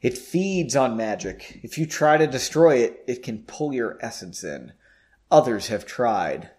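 A man voicing a captive woman mage in a story he reads aloud, speaking slowly and ominously. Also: medium pitch, sing-song, darkish tone.

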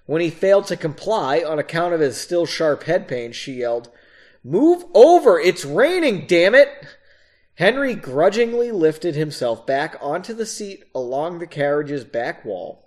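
A man's voice: on the high side, expressive, moderate pace, hardly any pauses, darkish tone. A man reading a story aloud and breaking off for casual, self-mocking asides. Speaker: reader of his own novel.

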